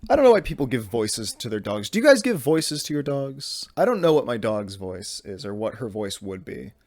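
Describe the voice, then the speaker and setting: A man's voice: mid-range voice, very animated, moderate pace, a little mellow, dry recording, studio quality. A young man hosting a podcast from his bedroom, rambling casually with lots of fillers and restarts. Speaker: podcast host.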